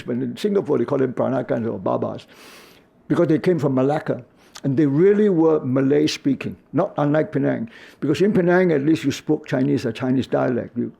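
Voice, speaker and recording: An older man speaks in a lecture hall with a strongly gravelly, husky voice. His tone is mellow and slightly high for a man. He answers an audience question thoughtfully, pausing and restarting as he searches for words. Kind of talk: university lecture reply.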